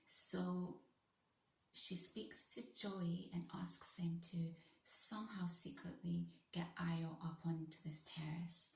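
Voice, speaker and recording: Chatty woman with a lowish voice. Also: reverberant. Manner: chatty, with asides and laughs. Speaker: vlogger reacting to clips. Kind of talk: casual chat.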